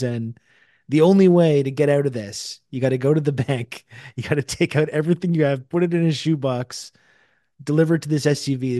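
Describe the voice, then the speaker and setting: Man, podcast host, casual chat, mid pitch, dry close mic. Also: warm tone, dry recording. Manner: conversational, recaps a news story with laughs.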